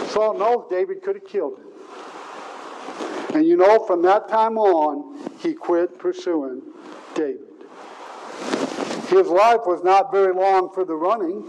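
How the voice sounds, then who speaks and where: Guy preaching, slow, hits words hard, repeats stuff, kinda high voice. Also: muffled recording, noisy background. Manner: earnest, repeats words, rises to emphatic stresses. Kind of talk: sermon.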